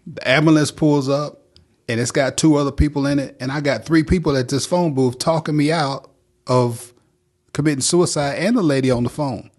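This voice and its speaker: A man's voice: fairly high pitch, moderate pace, a little mellow. A middle-aged man from North Carolina, telling his recovery story as a guest in an earnest, plainspoken way. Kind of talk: personal recovery testimony.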